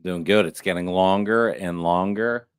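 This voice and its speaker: A man co-hosting a sports podcast in a casual chat, jokey and quick to laugh. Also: sits low, steady tone, clear, resonant tone, no room sound, studio quality. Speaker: podcast co-host.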